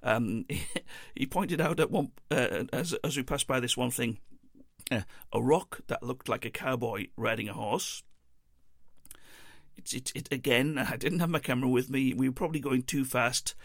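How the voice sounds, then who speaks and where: Man, gravelly voice, dry close sound, rambling anecdote, chuckles and restarts. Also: mid-range voice, moderate pace, dry recording. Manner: meandering, chuckling, self-interrupting. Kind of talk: casual rambling monologue.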